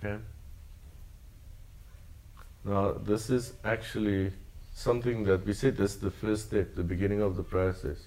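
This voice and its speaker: A man with a very low voice delivering a sermon. His preaching is earnest and leans on repeated phrases. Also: little pitch movement, a little slow, long pauses, darkish tone. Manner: earnest, repetitive preaching cadence. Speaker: pastor.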